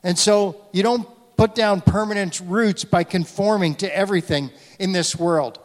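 High-voiced preacher in a reverberant hall. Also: male voice, normal speed. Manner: conversational, asks the congregation questions. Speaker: guest preacher. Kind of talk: sermon. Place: church sanctuary.

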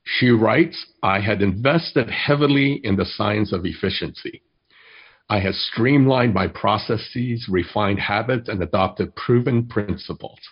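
A man delivers a sermon as a pastor, his voice low and a little husky. He tells stories at a measured pace and slows down to read poetry. The recording sounds dull and lo-fi. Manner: measured storytelling, reads poetry slowly.

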